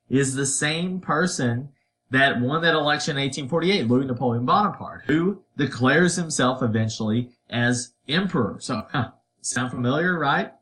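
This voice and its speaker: A man's voice: fairly high pitch, a bit bright. A man teaching a history lesson in a casual, conversational way, tossing in playful asides and putting on voices for quotes. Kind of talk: recorded history lecture.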